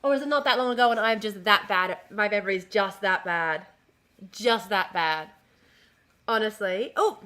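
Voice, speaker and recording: Speaking at medium pitch and a moderate pace, a streamer sounds pushed and bright. She rambles through a casual livestream, easily distracted and swearing freely, while displaying a dress she's making.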